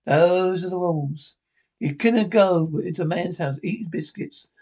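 A cantankerous old Scottish pensioner in a TV sitcom, trading gruff, sardonic jabs. His voice sits a touch high for a man, and the delivery is dry and bickering. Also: moderate pace, a little mellow. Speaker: sitcom actor. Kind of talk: TV sitcom dialogue.

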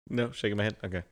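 A man hosting a casual podcast chat, laid-back and laughing a lot. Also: medium pitch. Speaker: podcast host.

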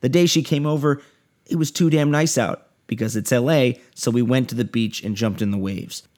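A man's voice: mid-range voice, moderate pace, a little mellow. A man hosting a podcast, reading a scripted introduction in a heartfelt, lyrical storytelling way with wry, self-mocking asides. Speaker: podcast host.

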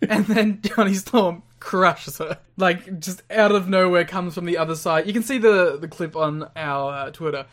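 A man's voice: high voice, moderate pace, hardly any pauses, fairly bright tone. A man co-hosting a casual wrestling review chat, giggly and blunt, swearing casually. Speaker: podcast co-host.

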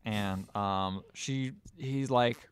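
A man co-hosting a podcast, casually retelling a movie's plot with lots of filler words and quick acted-out quotes. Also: fairly low pitch, clean tone, no room sound. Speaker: podcast co-host. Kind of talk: casual chat recapping a movie.

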